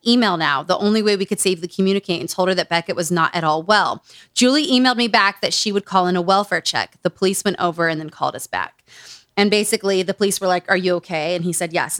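A woman's voice: lowish voice, a bit bright, no room sound, clean studio sound. A woman hosting a casual book-review podcast, reading passages aloud and breaking in with sarcastic asides. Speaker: podcast host.

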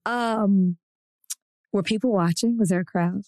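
A woman's voice: medium pitch, unhurried, a little mellow, no echo. A female podcast co-host in casual chat, an eager listener who laughs often and wants the gossip.

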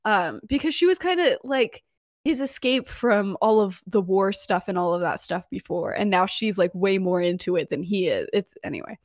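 A young woman podcast co-host casually retelling a story in a chatty way, full of fillers and quick laughs. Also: mid-range voice, lively intonation, no room sound, studio quality.

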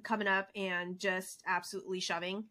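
A woman co-hosting a casual sports podcast, recapping games in an animated, excitable way with lots of fillers. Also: mid-range voice, normal speed. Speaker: podcast co-host.

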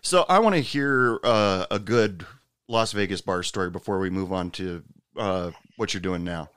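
A man's voice: sits low, moderate pace, a bit bright, clear, resonant tone, dry recording, studio quality. A man hosting a casual interview, asking questions with easy fillers and chuckles. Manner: easygoing, chuckles, hesitant fillers. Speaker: interviewer, host.

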